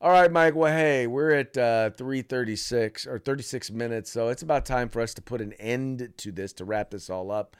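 A man's voice: mid-range voice, normal speed, hardly any pauses, clean tone, dry recording, studio quality. A man co-hosting a casual political talk podcast, who laughs often and repeats himself. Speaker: podcast co-host.

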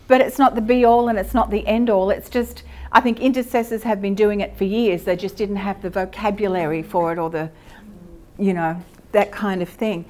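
A woman teaching at a church session, talking in a conversational way with fillers and self-corrections. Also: mid-range voice. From Australia. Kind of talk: sermon teaching.

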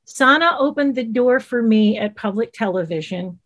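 A middle-aged woman with a warm Southern US accent tells her story in a casual interview. Her voice sits a bit high, and she talks in a lively, animated way. She slips into quick impressions of the people she quotes. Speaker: guest, children's TV creator.

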